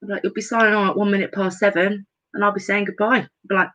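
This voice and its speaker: A woman's voice: mid-range voice, level tone, quick pace, bright, forceful tone, lo-fi sound. A woman with a Northampton accent hosting an online pub quiz from home over a computer mic, reading questions twice and joking between them. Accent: English Midlands, Northampton. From England. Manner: chatty, self-mocking asides between questions. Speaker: quiz host.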